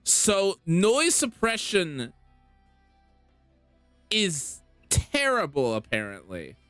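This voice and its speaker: A live streamer chatting casually on a game stream, giggly and animated, laughing often. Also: medium pitch, extremely slow, no room sound, faint music behind. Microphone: streaming microphone.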